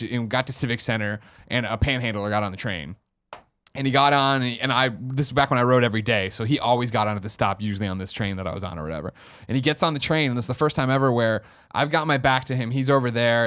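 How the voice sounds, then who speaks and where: An American man telling a story on a casual podcast, acting out the quoted lines with sudden loud outbursts. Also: medium pitch, clean tone. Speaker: podcast host.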